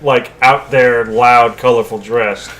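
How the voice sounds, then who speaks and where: A man's voice: mid-range voice, fairly even intonation, slow pace, fairly bright tone. A man co-hosting a podcast, chatting casually and opinionatedly about an old movie, swearing freely. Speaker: podcast co-host.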